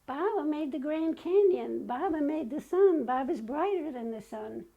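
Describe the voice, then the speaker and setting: On a muffled recording, an older woman guest recounts personal stories in a high, animated, mellow voice that runs a little slow. She chats freely and performs what others said.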